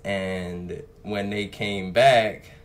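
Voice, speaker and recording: Laid-back man with a very deep voice. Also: fairly even intonation. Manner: laid-back, halting, searching for words. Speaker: podcast guest. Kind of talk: casual interview.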